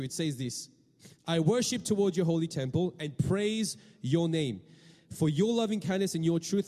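A man preaching a sermon in a fairly high voice, turning often to the congregation with questions. He repeats words and restarts phrases as he talks. The sound rings out with a long reverb in a hall. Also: mellow. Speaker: pastor.

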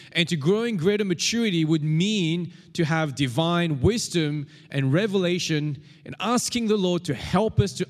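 A man's voice: on the high side, long reverb tail. A man preaching a sermon as pastor, emphatic and repetitive, leading the congregation to repeat key phrases after him.

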